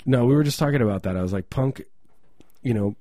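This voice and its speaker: A man co-hosting a radio show in casual banter, deadpan and sarcastic, rambling from one thought to the next. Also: mid-range voice, fast, no room sound, studio quality.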